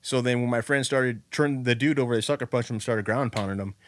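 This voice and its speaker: A man in casual podcast chat, telling a rough story with a lot of swearing and animated energy. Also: medium pitch, fairly quick.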